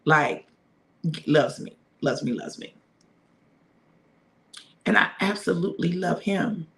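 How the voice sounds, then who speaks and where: A woman's voice: on the low side, takes it slowly, gravelly, fairly bright tone. A middle-aged woman giving a casual spiritual talk to her listeners, repeating phrases for emphasis and speaking to them directly. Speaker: minister sharing a devotional.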